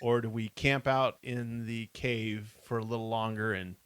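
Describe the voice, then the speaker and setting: A man's voice: medium pitch, flat delivery, moderate pace, fairly bright tone, clear, resonant tone, no room sound. A man co-hosting a podcast who reads a kids' adventure book aloud steadily and adds wry comments. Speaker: podcast co-host. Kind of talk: casual live book reading.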